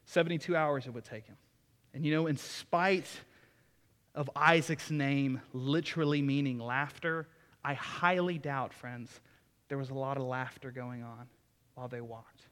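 A man's voice: mid-range voice, fairly even intonation, measured pace, fairly bright tone, big-room sound. A man preaching a sermon in a folksy, enthusiastic way, with asides to the congregation. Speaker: pastor.

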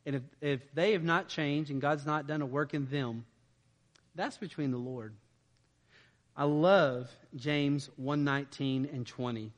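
A man's voice: a little high, a little slow, in a large hall. A man preaching a conversational sermon, informal and often checking in with "right?". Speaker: pastor.

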